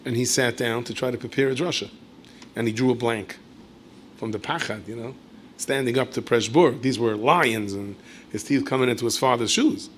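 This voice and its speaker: A man, a rabbi, giving a storytelling Torah lecture in a conversational way with asides and self-corrections, and he jumps up in pitch and volume when acting out quotes. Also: normal speed, slight background noise. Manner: animated storyteller who leaps high and loud when acting out quoted speech.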